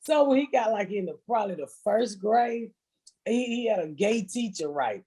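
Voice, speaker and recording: A woman's voice: medium pitch, lively intonation, moderate pace, dark tone, slightly rough, poor audio. A woman hosting a podcast, telling blunt, profane comic stories in casual chat and laughing through them. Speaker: podcast host. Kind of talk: casual comedic storytelling.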